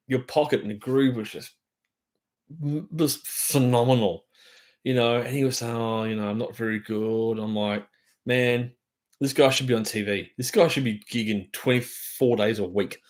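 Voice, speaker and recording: A man's voice: medium pitch, a little slow. A middle-aged Australian man hosting a drum channel, chatting on a live stream in a rambling, enthusiastic way full of fillers. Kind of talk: casual live-stream chat.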